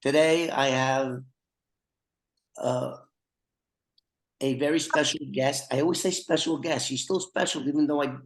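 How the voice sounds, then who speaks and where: A man's voice: medium pitch, steady tone, measured pace, pauses often, low-quality recording. An older man hosting a podcast over a video call, chatting casually with rambling, joking asides. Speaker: podcast host.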